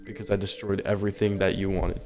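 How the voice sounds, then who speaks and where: A man reading aloud the lines of a desperate, lovesick teenage girl from a game, in a plain, flat voice. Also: low-pitched, fast talker, vocal fry, over music. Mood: remorseful.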